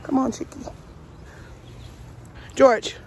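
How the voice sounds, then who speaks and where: A woman vlogging in her backyard, loud and playful, talking to camera and scolding her pet chicken. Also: drawn-out words, slight background noise. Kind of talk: casual vlog talking to camera. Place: backyard outdoors.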